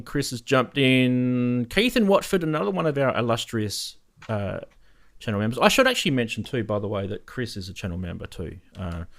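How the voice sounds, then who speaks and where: A man's voice: mid-range voice, a bit bright. A man hosting a live synthesizer stream, chatting casually and laughing often as he greets viewers in the chat. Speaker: host of a live synthesizer show.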